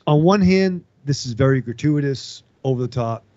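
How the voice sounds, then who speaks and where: A man chatting casually about a horror film on a podcast, halting and laughing, with casual swearing. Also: mid-range voice, animated, warm tone, no room sound, lo-fi sound.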